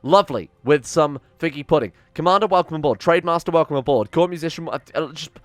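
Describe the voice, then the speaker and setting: A man's voice: fairly high pitch, fast, no echo. A young man giving casual, exasperated game commentary, swearing and ranting theatrically. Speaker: game streamer.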